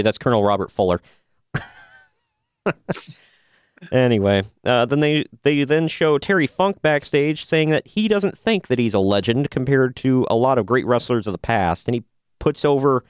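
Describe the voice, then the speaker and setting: A laid-back man chatting casually on a podcast, sarcastic and quick to laugh. His voice is smooth and resonant, recorded close and dry with no room sound. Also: mid-range voice, dry recording. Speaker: podcast host reviewing wrestling. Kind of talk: casual chat.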